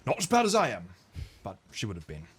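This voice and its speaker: A man's voice: medium pitch, wildly swooping pitch, breathy edge, voice pushed up, heavily acted. A man voicing a tender old sailor dad. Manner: heartfelt, halting with sighs. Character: gruff sentimental old sailor father.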